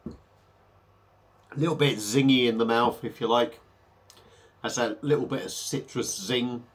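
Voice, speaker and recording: A man chats his way through a home beer review. He rambles a bit, stops and restarts, and sounds slightly under the weather. His voice sits at an ordinary middle pitch. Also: fairly even intonation, slow. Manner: rambling, chatty, hesitant fillers. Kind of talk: casual beer review vlog.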